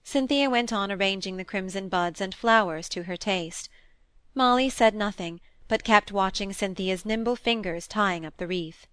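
A woman's voice: medium pitch, normal speed, fairly bright tone, clear, resonant tone, no echo. Woman narrating a classic novel, dry. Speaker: audiobook narrator.

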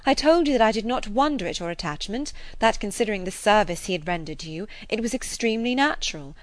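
Woman reading a poised, precise young gentlewoman. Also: medium pitch, lively intonation, no room sound, pitched above the performer's own voice, close to an everyday voice. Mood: measured. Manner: measured, precise, earnest. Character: composed, clever young gentlewoman. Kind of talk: audiobook character voice.

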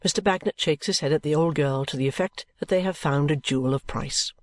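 Guy reading an old novel aloud, even and measured, kinda high voice, dry close mic. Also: no echo. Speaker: audiobook narrator. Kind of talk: scripted narration of a classic novel.

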